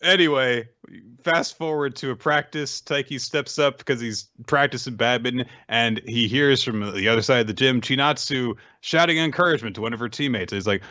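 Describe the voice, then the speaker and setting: A man's voice: medium pitch, normal speed, highs cut off. A man co-hosting a casual podcast, recapping chapters and laughing as he tells the story. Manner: laughing, animated storytelling with acted-out quotes. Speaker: podcast co-host. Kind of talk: casual manga recap chat.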